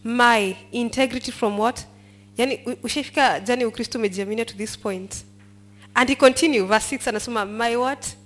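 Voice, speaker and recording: A woman's voice: a little high, brisk. A woman leading a Bible study, reading verses aloud and quizzing the group as she explains them. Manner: mixes English and Swahili, asks the group questions and prompts them to finish lines.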